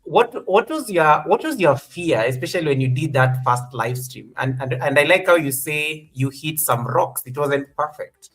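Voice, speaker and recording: A man's voice: a little high, expressive, moderate pace, few pauses, fairly bright tone, soft background music. A man co-hosting a casual live-stream chat, reading out viewers' names and thanking members. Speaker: co-host.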